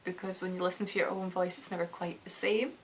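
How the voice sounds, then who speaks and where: A woman in her thirties with a soft West of Scotland accent, rambling chattily on her knitting podcast, often laughing and dropping into a whisper. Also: fairly low pitch, level tone, quick pace, a little hiss or hum. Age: 30s.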